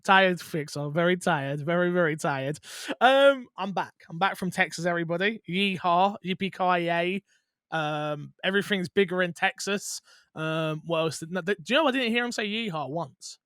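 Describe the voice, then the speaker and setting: A young British man hosting a gaming podcast, tired, chatty and excitable, going from loud outbursts to mumbled asides. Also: sits high, normal speed, no room sound, studio quality. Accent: British English. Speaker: podcast host. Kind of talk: casual podcast chat.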